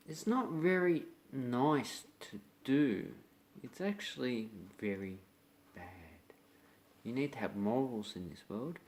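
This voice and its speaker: A man's voice: mid-range voice, darkish tone. An Australian man casually explaining a slang expression to viewers and acting out little scenes. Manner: chatty, uses local slang, acts out little scenes. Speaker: slang teacher. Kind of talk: casual lesson to camera.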